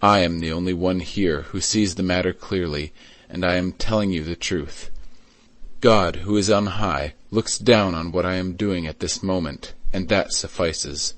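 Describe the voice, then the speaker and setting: A man voicing a calm, solemn aging mayor. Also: sits low, measured pace, no room sound. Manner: gentle, solemn and firm. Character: calm white-haired male mayor confessing his past.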